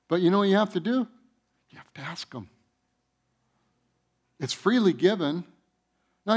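A male pastor delivering a sermon in church, preaching with passion, building to loud emphatic runs and repeating phrases. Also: on the high side.

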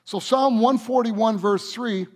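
A man preaching a sermon as a pastor, stressing key points by slowing down and letting phrases fall soft at the end. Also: very high voice.

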